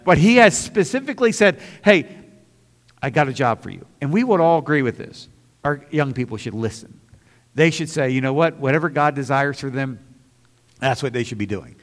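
A man's voice: medium pitch, animated, normal speed, big-room sound. A man preaching a sermon as pastor, earnest and at times emphatic, with a slight stammer and small restarts. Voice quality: slight stammer on some words.

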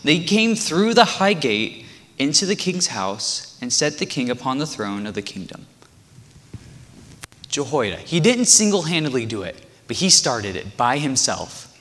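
A man preaching a sermon, animated as he retells a story and acts out the quotes. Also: mid-range voice, measured pace, big-room sound, a little hiss or hum.

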